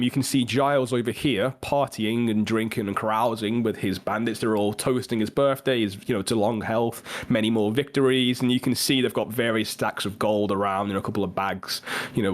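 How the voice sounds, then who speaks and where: A man narrating a tabletop game as game master, in a loose, chatty way with frequent fillers. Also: medium pitch.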